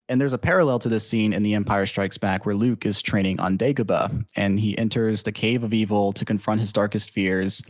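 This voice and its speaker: A man's voice: on the low side, normal speed, few pauses, no echo. Chatty man with a dry close sound. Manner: rambling, profane, animated retelling. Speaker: podcast guest. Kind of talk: casual podcast chat.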